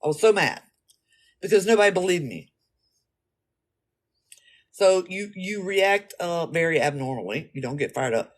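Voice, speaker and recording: A woman's voice: on the low side, expressive, normal speed, long pauses. A woman vlogging to camera in a blunt, profane way, acting out her own reactions as she talks. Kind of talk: casual talk to camera.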